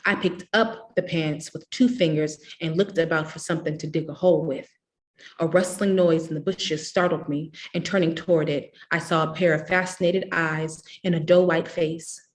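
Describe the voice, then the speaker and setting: A woman with a fairly low voice reads from a novel in a measured, expressive style. Between the characters' lines she narrates steadily, much like at a public literary reading.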